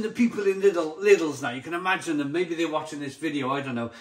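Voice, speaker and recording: A man's voice: a little high, normal speed. A man reviewing a beer to camera in a blunt, exasperated way, often stumbling and repeating himself. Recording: roomy echoey sound.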